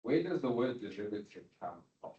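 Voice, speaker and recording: A man's voice: on the low side, sing-song, a little fast, warm tone. A man giving a university lecture, often asking students if they follow. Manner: questioning, checks understanding often. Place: lecture room. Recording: roomy, dull lecture-hall recording.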